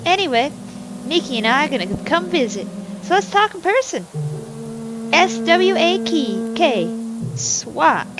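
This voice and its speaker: A woman's voice: high voice, sing-song, brisk, music in the background, voice pushed up, rough recording. Woman doing a chirpy Southern country daughter. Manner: bright, chirpy letter-reading drawl. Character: cheerful young country daughter writing home.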